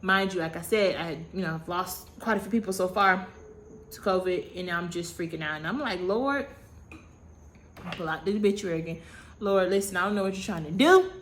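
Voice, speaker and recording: A woman in her thirties with a somewhat low voice tells a personal storytime to her viewers. She is animated and dramatic, repeating words for effect and slipping into slangy, self-mocking asides. A faint hiss sits behind her. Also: fairly quick. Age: 30s. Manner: animated, dramatic retelling with repetition. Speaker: vlogger. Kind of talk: casual storytime.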